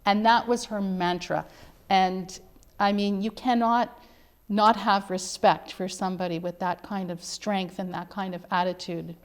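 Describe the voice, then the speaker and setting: A woman's voice: mid-range voice, fairly even intonation, measured pace. A middle-aged woman, an author being interviewed, telling her family's story in an earnest, emphatic way. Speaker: author guest. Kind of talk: interview conversation.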